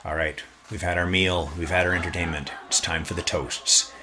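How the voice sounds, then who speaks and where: A low-voiced man hosts a casual podcast and walks listeners through a story with a joking, animated delivery. His pitch leaps sharply upward whenever he wants to stress a point. A faint hiss sits under the recording. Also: normal speed. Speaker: podcast host.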